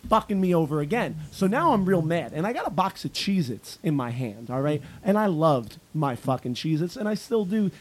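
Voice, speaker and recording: A man's voice: a little high, very animated, fairly quick, hardly any pauses, slightly rough. A man in his late twenties telling a profane, rowdy story among friends. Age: late 20s.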